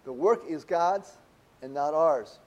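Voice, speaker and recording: High-voiced male preacher, mellow tone. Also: slow, dull audio. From Spanish-speaking country. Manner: conversational preaching with frequent "okay?" check-ins. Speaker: pastor. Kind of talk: sermon.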